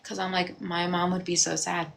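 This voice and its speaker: A woman in her thirties talking candidly on a livestream, reflective and confessional, breaking into animated bursts and laughs. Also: on the low side, moderate pace, gravelly. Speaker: livestream host. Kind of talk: casual livestream talk. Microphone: phone.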